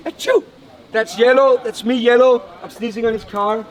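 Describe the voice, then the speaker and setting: A young man from Denmark, loudly cheering on his friends during an outdoor group vlog stunt. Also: extremely high pitch, normal speed. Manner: loud, excitable, cheering others on. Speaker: vlogger leading a group stunt. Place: outdoors on a street in front of a house. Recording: outdoor clip with friends chattering around. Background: group of friends nearby.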